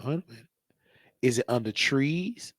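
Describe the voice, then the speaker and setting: A show host with a mid-range, slightly bright voice and lively intonation delivers a casual live-stream monologue at normal speed, rambling, joking and thinking aloud. The audio is clean studio sound with no room echo.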